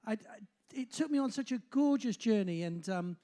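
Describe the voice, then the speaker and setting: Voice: medium pitch, lively intonation, normal speed, warm tone. An older compere in their sixties from Bristol, with a faint Bristol accent. They chat on stage at a pub, rambling and self-mocking, with lots of "uh"s. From Bristol, England. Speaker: compere of a live music night. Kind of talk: live stage banter. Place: pub function room, on stage.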